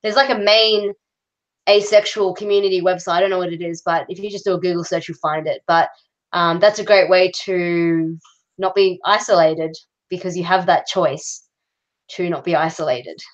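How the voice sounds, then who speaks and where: A woman, chatting as a guest over a video call, relaxed and hesitant with many ums. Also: fairly low pitch, moderate pace, muffled recording. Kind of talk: casual video-call chat.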